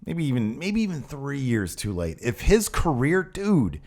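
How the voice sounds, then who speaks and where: A man's voice: medium pitch, very animated, a little slow, darkish tone. A man co-hosting a podcast in casual chat, sarcastic and ranting freely. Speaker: podcast co-host.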